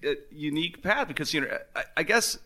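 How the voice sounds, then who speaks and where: A male talk show host with a bright, forceful, fairly high voice. He talks excitedly, stumbles over his own words and restarts his sentences, and keeps laughing along with the crowd. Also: fast talker. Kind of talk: live comedy talk show banter.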